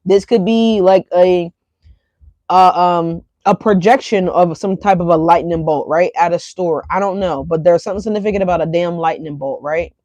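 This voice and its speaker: A woman's voice: on the low side, normal speed, a little mellow, dry recording. A woman giving a casual tarot reading to her viewers, chatty and loose, often adding "right?" and "y'all". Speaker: tarot reader.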